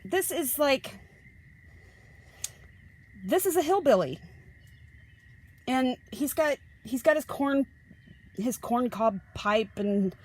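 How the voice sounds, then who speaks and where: A woman chats her way through a tarot deck review, her voice sitting a little high and her pace slow and easy. She rambles, interrupts herself, and bursts into gushing exclamations. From Ozarks, United States. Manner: chatty, rambling, self-interrupting. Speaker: tarot reader.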